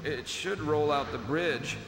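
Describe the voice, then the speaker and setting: A man voicing a downbeat adult male robot mentor in a video game, slowly giving instructions. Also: on the high side. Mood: glum. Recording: long reverb, loud game music. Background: game music.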